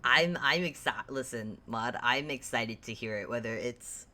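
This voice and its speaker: A woman with a very deep voice hosts a tabletop game, rambling and halting as she sets the scene. Her tone is bright and forceful, and she pokes fun at herself between stumbles. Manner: rambling, halting, self-mocking. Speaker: game master and host. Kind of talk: casual chat introducing a tabletop game.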